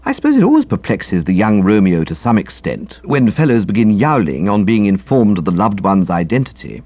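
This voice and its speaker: A man reading a comic novel aloud in a breezy, chatty, very expressive manner. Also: fairly low pitch, fairly quick, dry recording, dull audio. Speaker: audiobook narrator. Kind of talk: comic audiobook narration.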